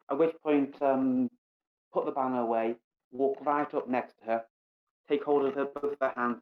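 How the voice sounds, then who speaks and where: A man's voice: medium pitch, steady tone, normal speed. Man on a tinny call line. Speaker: player. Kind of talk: casual tabletop game talk with in-character speech.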